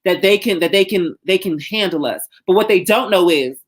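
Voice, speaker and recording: A woman co-hosting a casual book discussion, telling history in a lively, profane way. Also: fairly low pitch, brisk. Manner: animated, profane storytelling with acted-out voices. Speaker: podcast co-host.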